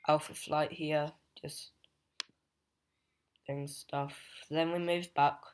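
Male comic reviewer, unhurried and level, loose rambling recap full of fillers. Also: a little high, slight background noise. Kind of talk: casual plot recap.

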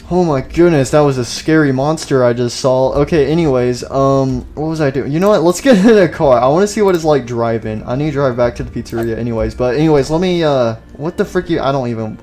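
A young man giving casual, excitable commentary on his own gameplay, with loud outbursts and goofy jokes. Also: medium pitch, fast talker. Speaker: gaming YouTuber.

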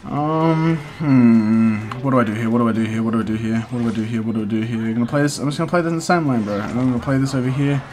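A man's voice: medium pitch, darkish tone, slight background noise. A young man giving casual live commentary on a mobile strategy game as he plays, talking to himself and breaking into frustrated outbursts. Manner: talks to himself while playing, quick swings into frustrated outbursts. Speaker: gaming content creator.

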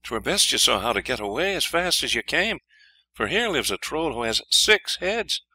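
A man voicing a frightened young princess in a storybook reading, with high pleading outcries. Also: big pitch swings, normal speed, sharp tone, dry recording, heavily acted, rough recording. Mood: anxious warning.

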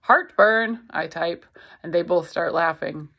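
A woman's voice: on the low side, moderate pace, gravelly. A woman reading a novel aloud, expressively voicing the narrator. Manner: expressive storytelling. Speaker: reader.

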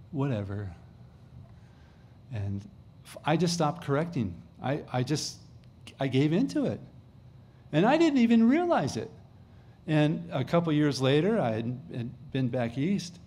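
A man's voice: on the high side, sing-song, measured pace, pauses often, darkish tone. A middle-aged man, a pastor, preaching a sermon in a conversational way, repeating phrases for emphasis and restarting sentences.

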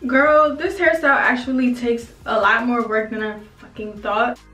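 Excitable woman in an echoey room. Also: on the high side, normal speed. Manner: excitable, animated, slangy and profane. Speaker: hair tutorial vlogger. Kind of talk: casual talk to camera. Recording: echoey room with faint music.

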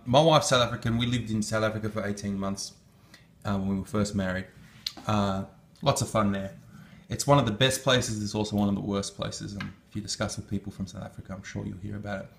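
A man with a slightly low-pitched voice talks through a home-cooked vegan meal. His delivery is casual and enthusiastic, full of loose asides. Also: brisk, creaky, fairly bright tone. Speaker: vegan food vlogger.

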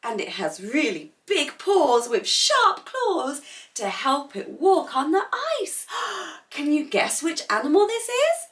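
A woman teaching toddlers in a slow, clear voice, gasping with surprise, singing and imitating animal sounds. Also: high voice, big pitch swings, a bit bright, recorded from a distance. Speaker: children's teacher. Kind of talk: toddler learning video.

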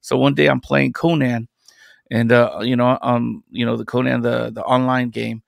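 Man, middle pitch, gravelly, dry close mic; casual podcast guest who rambles through stories. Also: flat delivery, normal speed, dry recording. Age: adult parent. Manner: rambling storyteller, loose and conversational. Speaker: podcast guest, independent comic creator. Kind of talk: casual chat.

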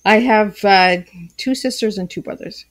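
A woman's voice: mid-range voice, moderate pace. Chatty Canadian woman guest. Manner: chatty, rambling, playful. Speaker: podcast guest. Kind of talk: casual interview conversation. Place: tea room at home. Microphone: video call.

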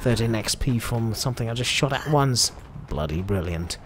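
A man's voice: mid-range voice, animated, moderate pace, a bit bright, slight background noise. A man with an Australian accent giving chatty, jokey commentary over his own gameplay. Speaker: gameplay video host.

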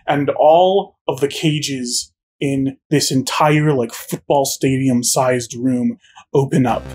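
A game master slowly narrating a tabletop game in a deliberate way. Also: medium pitch, music in the background.

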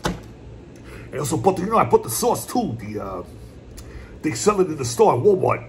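A man in a casual home eating vlog, rambling along in a relaxed, repetitive way as he talks to his viewers. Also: a little high, normal speed, slight background noise. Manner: laid-back, rambling, repeats "my brothers" and "puppy". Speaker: mukbang vlogger. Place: at home, indoors.

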